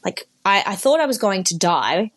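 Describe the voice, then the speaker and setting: A woman's voice: mid-range voice, sing-song, moderate pace. A young Australian woman telling her story casually on a podcast, with lots of "like" fillers, acting out what others said. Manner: chatty, full of "like" fillers, quotes others in dialogue. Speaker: podcast guest.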